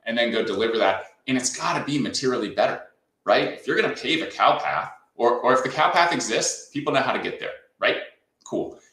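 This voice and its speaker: A man's voice: medium pitch, animated, brisk, pushed and bright, reverberant, poor audio. A man from Southern California, a company founder talking as a guest in a casual interview, telling stories and often adding "right?". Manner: storytelling, often tags lines with "right?".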